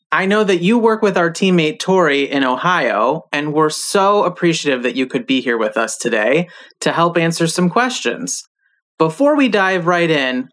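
Give me an American co-host warmly welcoming a guest. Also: mid-range voice. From United States. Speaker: podcast co-host.

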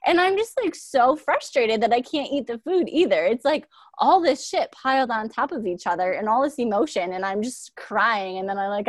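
A woman's voice: sits high, expressive, normal speed, few pauses, no room sound. Candid young woman, dry close mic. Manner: candid, lots of "like", emotional storytelling. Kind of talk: casual chat.

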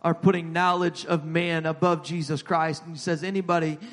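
A man preaching a sermon to his congregation in a church, repeating words as he builds and rising in pitch and volume at the high points. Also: level tone, normal speed. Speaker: pastor. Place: church sanctuary. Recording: long hall reverb.

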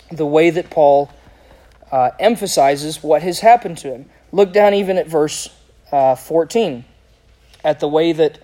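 A man with a high, mellow voice preaches through a Bible passage. He talks to his listeners plainly and conversationally, asking rhetorical questions. When he reads scripture aloud, his voice rises with emphasis. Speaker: pastor. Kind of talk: expository sermon.

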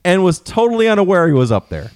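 A man's voice: high voice, fast, clean tone. A man co-hosting a comedy podcast, telling odd news stories in a joking, casual way. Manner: joking storyteller, lively delivery. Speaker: podcast co-host.

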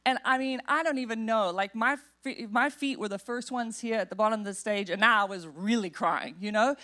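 A woman pastor with a slightly high voice, preaching from a church stage. She tells a personal story with humor and lively energy, speaking into a stage microphone. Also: brisk. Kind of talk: storytelling sermon. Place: church sanctuary.

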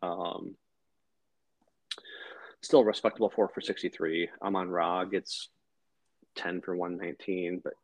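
A man's voice: low voice, little pitch movement, a little slow, long pauses, no room sound, low-quality recording. A man in his thirties co-hosting a fantasy football podcast, rambling in casual chat with lots of fillers and swearing.

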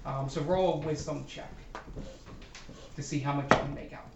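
A man's voice: a little high, fairly even intonation, moderate pace, creaky, echoey room, far from the mic, heavy background noise. A man narrating as game master of a tabletop game, describing scenes hesitantly with many ums.

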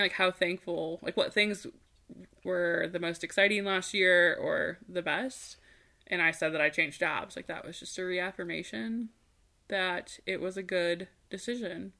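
A woman's voice: lowish voice, creaky, sharp tone. A woman co-hosting a podcast in casual chat, chatty and teasing, laughing often and filling her talk with "like". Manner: giggly, teasing, chatty with lots of "like". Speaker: podcast co-host.

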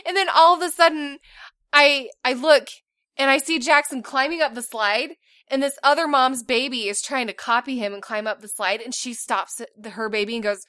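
A woman in her thirties co-hosting a podcast in casual chat, telling animated stories and laughing often. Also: high-pitched, normal speed, dry recording, clean studio sound. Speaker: podcast co-host.

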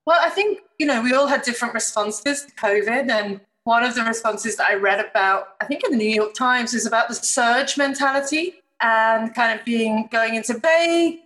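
A middle-aged woman from England, a podcast guest talking about her business in a brisk, self-deprecating way. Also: a little high, fairly bright tone. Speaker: podcast guest, marketing entrepreneur. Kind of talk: casual interview chat.

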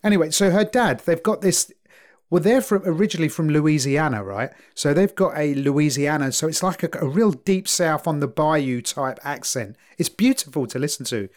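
Brief: man, podcast co-host, lively rambling chat, laughs a lot, slightly high-pitched voice. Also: moderate pace. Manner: animated, laughs often, rambling with restarts. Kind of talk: casual chat.

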